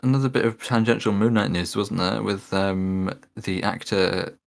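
Deep voiced podcast cohost, laid back, lots of restarts. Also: moderate pace, gravelly. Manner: relaxed, hesitant with restarts. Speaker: podcast co-host. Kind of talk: casual chat.

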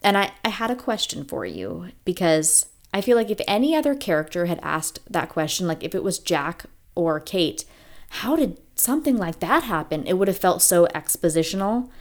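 A woman co-hosting a podcast in casual chat, talking with enthusiastic, animated energy. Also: fairly low pitch, normal speed, hardly any pauses. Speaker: podcast co-host.

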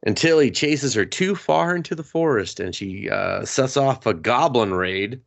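A man's voice: expressive, measured pace, vocal fry. Man retelling an anime with silly voices. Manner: crude, joking, acts out characters in high silly voices. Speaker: podcast co-host. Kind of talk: casual anime review chat.

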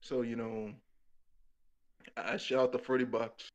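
A man's voice: mid-range voice, little pitch movement, a little slow, darkish tone, lo-fi sound. A young man telling a rambling, profane comic story about his own life, laughing as he goes.

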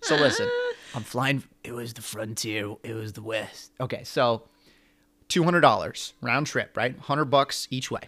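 A young man co-hosting a podcast, telling a long story in an animated, rambling way. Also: medium pitch, measured pace. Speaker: podcast co-host. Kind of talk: casual chat.

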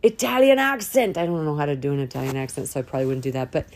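A woman hosting a faith podcast, praying aloud in a heartfelt, informal way, with sudden rises and slow drawn-out words. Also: a bass voice, steady tone, warm tone, slight background noise. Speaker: podcast host. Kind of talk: spoken prayer and encouragement. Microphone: audio only, no camera.

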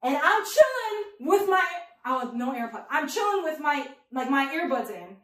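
A young woman from New York City tells a funny story about her own life, rambling and animated. Her voice sits high. She sounds roomy and a bit distant from the mic. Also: moderate pace. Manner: animated and rambling, tags lines with "right?". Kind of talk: comic personal storytelling.

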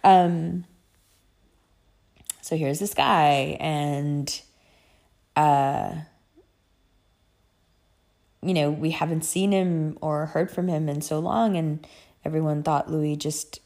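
A woman talking casually about a book series she loves, chatty and profane, telling the story with lively emotion. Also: deep voice, slow, pauses often. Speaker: book vlogger. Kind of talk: casual chat.

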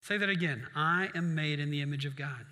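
A man's voice: a little high, a little fast, bright, forceful tone, big-room sound. A male pastor preaching a sermon in a conversational way, with asides to the congregation.

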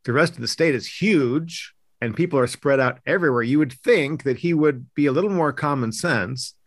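A man from Idaho, a news editor, hosts a political talk podcast, speaking emphatically and indignantly with frequent restarts. His voice is a little high and his pace moderate. The studio-quality recording has no room sound.

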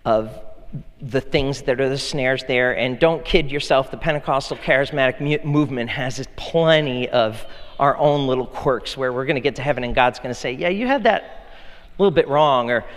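A man's voice: mid-range voice, a bit bright. Man preaching in a reverberant church hall. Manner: conversational, playful, repeats words when emphasizing. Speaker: pastor. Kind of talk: sermon. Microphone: handheld mic.

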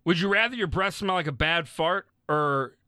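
Crude, bright-voiced podcast co-host man. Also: a little high, normal speed, dry recording, clean studio sound. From United States. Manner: crude, teasing, swears a lot. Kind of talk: casual podcast banter.

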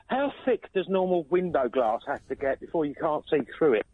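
High, husky man on a phone line. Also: big pitch swings, a little fast, dry recording. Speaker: caller. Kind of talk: phone-in call.

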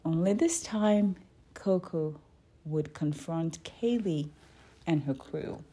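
A woman reading her children's book aloud, slow and deliberate, with small restarts. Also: low voice, warm tone, husky.

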